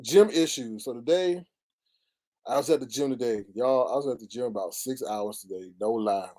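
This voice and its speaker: A man hosting a casual livestream, telling stories and venting with big swings in pitch and sudden exclamations. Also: moderate pace, dark tone. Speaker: livestream host. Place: at home by a computer, streaming live.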